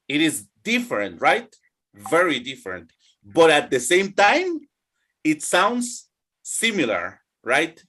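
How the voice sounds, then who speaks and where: Man teaching number pronunciation, lively pitch. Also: a little slow. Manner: patient, drilling, repeats and checks with "right?". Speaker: English teacher. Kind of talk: online English pronunciation lesson.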